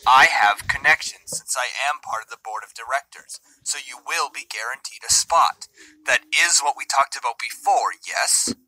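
A man voicing a stern, bright-toned father. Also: medium pitch, normal speed, no echo, poor audio. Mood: cold, lecturing. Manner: curt, condescending lecturing. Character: stern, controlling middle-aged father. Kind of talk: voiced visual novel reading.

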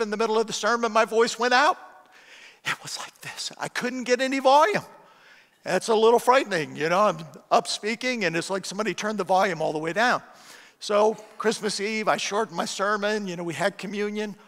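A man's voice: high-pitched, a bit bright. A middle-aged man preaching a sermon as a guest speaker, telling stories with self-deprecating humor. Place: church auditorium. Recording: long church hall reverb.

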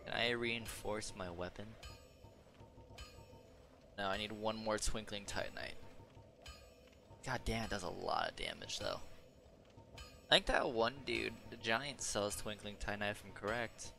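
A man's voice: fairly low pitch, very animated, a little slow, creaky, pauses often, bright, forceful tone, faint music behind. A young man casually commenting on his own gameplay, muttering and swearing at enemies. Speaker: gameplay streamer.

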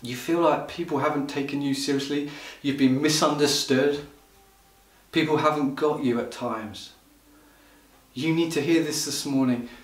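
A man preaching a livestreamed church sermon with impassioned delivery, at times rising into loud pleading cries. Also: on the high side, steady tone, normal speed. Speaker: pastor. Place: church hall. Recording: roomy hall sound from a distant mic.

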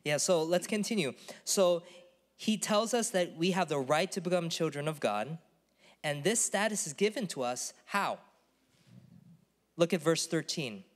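A man's voice: fairly high pitch, lively intonation, measured pace, big-room sound. A man pastor giving a conversational sermon in a church, earnest and emphatic, at times calling on the congregation to repeat a word.

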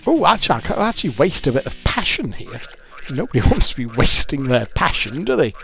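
A man's voice: medium pitch, sing-song, brisk, creaky, fairly bright tone. A British man talks through a game he is playing, and his voice leaps up and down as he curses his bad luck and mocks himself. He swears often and sounds exasperated, and faint game music plays behind him. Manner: swearing, exasperated, self-mocking. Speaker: YouTuber. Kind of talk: gameplay commentary.

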